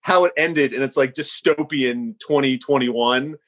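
A man's voice: mid-range voice, measured pace. A man, a screenwriter guest on a podcast, reflective and self-deprecating, with hesitant fillers. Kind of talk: casual interview chat.

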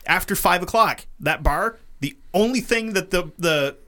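Brief: man, podcast host, bright voice a touch high, profane animated storyteller. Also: a little slow. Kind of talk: casual storytelling chat.

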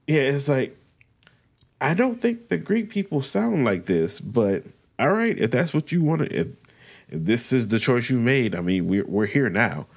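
A man co-hosting a podcast in casual chat, speaking haltingly and thinking aloud with many restarts. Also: medium pitch, very animated, slightly rough. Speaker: podcast co-host.

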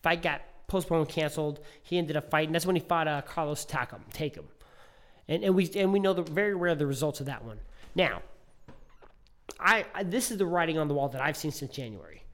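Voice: mid-range voice, animated, fairly quick. A podcast co-host in a casual boxing chat, rambling and stumbling over repeated words, with a teasing edge.

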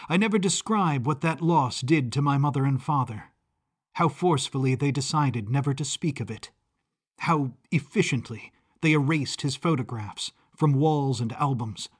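Slow, husky-voiced male narrator. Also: medium pitch. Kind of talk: first-person audio drama narration.

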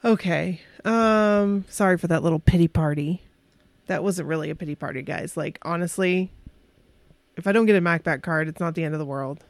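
A woman with a slightly low voice tells an excited, emotional story in a casual podcast chat. She keeps stumbling and restarting as she gets carried away. The sound is dry and close. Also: normal speed, dry recording.

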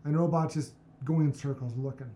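Low, mellow-voiced woman recapping a movie. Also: steady tone, brisk. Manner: exasperated, swears freely, reads plot summary aloud. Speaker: podcast co-host recapping a movie. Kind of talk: casual chat.

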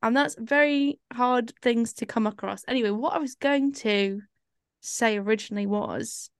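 A woman's voice: a little high, moderate pace, no echo, studio quality. A woman co-hosting a podcast, chatting casually in a rambling, self-mocking way. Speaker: podcast co-host. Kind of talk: casual chat.

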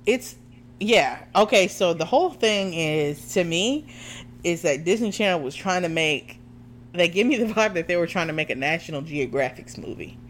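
Young woman co-host who talks in a relaxed, wry way. Her pitch moves freely up and down. A faint hum runs behind her. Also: moderate pace. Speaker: podcast co-host. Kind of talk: casual chat.

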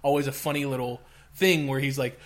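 A man in casual chat, slowly recalling a story with hesitations and fillers. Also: medium pitch, fairly even intonation. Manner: hesitant, searching for memories, laughs between phrases.

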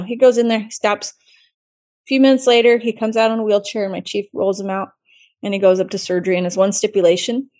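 Chatty woman surgeon telling stories. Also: mid-range voice. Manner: chatty, expressive storytelling. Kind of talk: casual interview storytelling.

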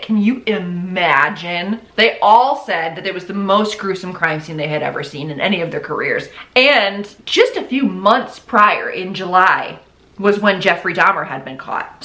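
A woman's voice: lowish voice, sharp tone. Casual, profane woman in an echoey room. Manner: blunt and profane, with incredulous asides. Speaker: podcast host. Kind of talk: casual true-crime storytelling.

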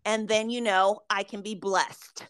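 A woman co-hosting a podcast in casual chat, reflective and often trailing off softly. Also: mid-range voice, steady tone, a little slow, clean tone, no echo. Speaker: podcast co-host.

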